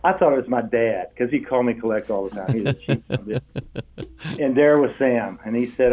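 An older man, a guest telling stories in an interview, lively and acting out the voices he quotes. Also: medium pitch, a little fast. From Texas. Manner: animated storyteller, acts out quoted voices with laughs. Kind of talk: storytelling interview. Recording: tinny phone-line sound.

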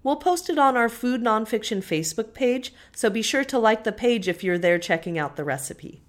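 A woman's voice: fairly high pitch, expressive, normal speed. Matter-of-fact woman podcast co-host. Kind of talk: scripted podcast narration. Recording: faint music underneath.

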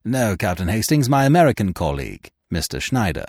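Grave, steadfast museum expert played by a man, earnest and measured, dry close sound. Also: on the low side, big pitch swings, a little mellow, breathy edge, no room sound, full character voice.

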